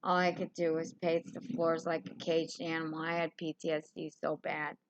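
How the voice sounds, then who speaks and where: A woman's voice: low-pitched, little pitch movement, normal speed, muffled recording. A woman on a live stream, delivering a furious, rambling rant full of swearing.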